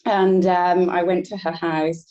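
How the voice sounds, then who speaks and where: Woman interviewee telling her story, lowish mellow voice, muffled lo-fi sound. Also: level tone, a little slow. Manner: reflective, laughs between thoughts, many restarts. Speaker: interview guest. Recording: dull lo-fi sound.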